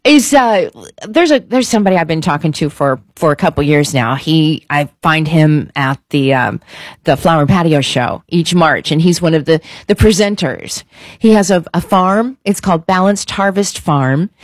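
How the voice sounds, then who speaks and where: A woman's voice: sits low, lively intonation, normal speed, no echo. Female radio host, chatty and upbeat, dry close sound. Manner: chatty, upbeat, laughs easily. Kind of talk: casual radio chat.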